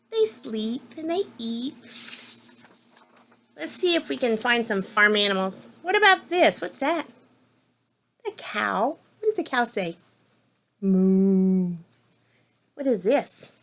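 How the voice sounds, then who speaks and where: A woman's voice: fairly high pitch, a little hiss or hum. A woman reading a picture book to young children, asking them questions and making animal sounds in a sing-song way. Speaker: preschool teacher.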